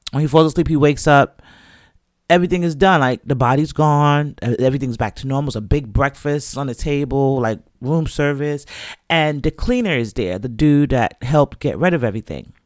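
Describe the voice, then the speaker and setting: A man's voice: mid-range voice, normal speed, no room sound, clean studio sound. A man giving a casual, profane recap of a TV show and acting out the characters' lines as he goes. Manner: loose, profane storytelling that acts out characters' lines.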